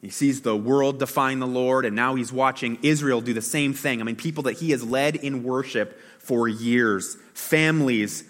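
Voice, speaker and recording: A man's voice: medium pitch, moderate pace, hardly any pauses, fairly bright tone. Man preaching in a reverberant hall. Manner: conversational, asks the congregation questions; acts out quoted whining with a raised voice. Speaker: pastor. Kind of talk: sermon.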